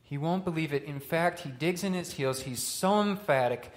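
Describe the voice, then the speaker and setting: A male pastor preaching a sermon, swinging from loud, rising questions to quiet, hushed lines. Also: a little high, lively intonation, normal speed, few pauses.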